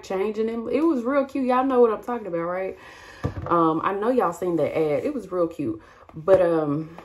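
A middle-aged woman talks to a handheld camera in her bedroom. Her voice sits low, and she rambles in a chatty, confiding way with drawn-out fillers. It feels like an easygoing day-in-the-life vlog. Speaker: vlogger. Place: bedroom at home. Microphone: handheld camera mic.

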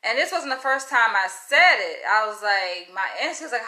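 A woman vlogger telling a story to camera in a casual, blunt, animated way, swearing freely. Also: medium pitch, normal speed, few pauses. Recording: echoey room.

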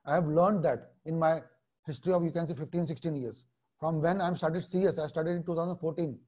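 A man in his thirties with an Indian English accent gives an exam-prep lecture with a high voice. He talks bluntly and repeats his key points. He slips Hindi phrases into his English. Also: fairly even intonation, fast talker, darkish tone. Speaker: exam coaching teacher. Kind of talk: online lecture.

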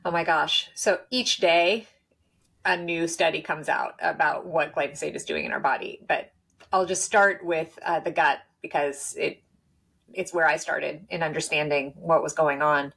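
A woman guest in a conversational interview, telling her story in a lively way with restarts and laughs. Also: deep voice, vocal fry, breathy edge. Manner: animated, quick, with laughs and restarts.

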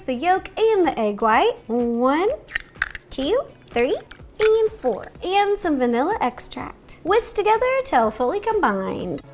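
A woman in her thirties hosting a baking tutorial, bubbly and playful, making little sound effects as she works. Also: high voice. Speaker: baking show host.

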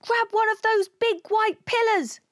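A woman putting on an excitable little alien pilot. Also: extremely high pitch, a little slow, dry recording, studio quality, voice pushed up, heavily acted. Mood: excited. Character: small male alien spaceship pilot, eager.

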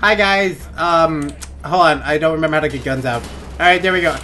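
A young man giving crude, goofy gameplay commentary on a headset in his bedroom, often laughing and yelling out suddenly. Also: on the high side, brisk, slight background noise. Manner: goofy, giggly, crude jokes, sudden loud outbursts. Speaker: gaming let's play host.

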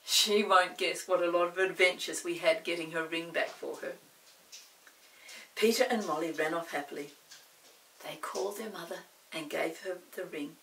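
An older woman reading a children's book aloud, expressive and animated. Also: fairly low pitch, moderate pace, recorded from a distance, a little hiss or hum, poor audio. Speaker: storyteller.

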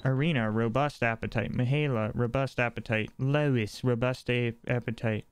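A man's voice: medium pitch, steady tone, moderate pace, smooth, no echo. A man giving let's play commentary on a horror game, talking to himself, jumpy and wry as he explores. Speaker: gaming channel host.

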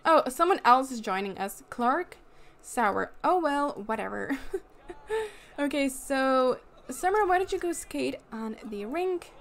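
Young woman streamer, high lively voice, giggly and gushing, casual game commentary. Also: takes it slowly. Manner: gushing, giggly, squeals at cute things. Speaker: gaming YouTuber. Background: fan noise.

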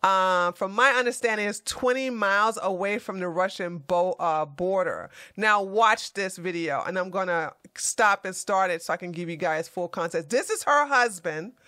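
A woman hosting a political commentary show, talking over a video in an animated, emphatic way. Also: medium pitch, moderate pace, few pauses, no room sound, studio quality. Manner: animated, emphatic, profane outbursts.

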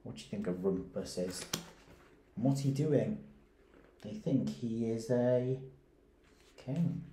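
A man, a primary school teacher reading a picture book aloud and stopping to ask his pupils gentle questions. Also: mid-range voice, expressive. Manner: gentle, questioning, reads slowly and pauses to ask. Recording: roomy echoey recording.

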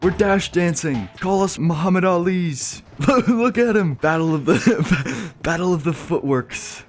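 A young man giving casual gameplay commentary, excitable and jokey, often laughing. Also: high voice, unhurried, soft background music. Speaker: gaming YouTuber.

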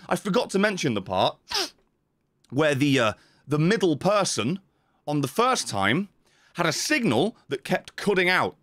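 A man's voice: fairly high pitch, no echo, studio quality. A young man streaming a game, ranting casually with lots of swearing and reading out his viewers' names. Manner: swears constantly, animated and exasperated. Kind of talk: casual live-stream rant.

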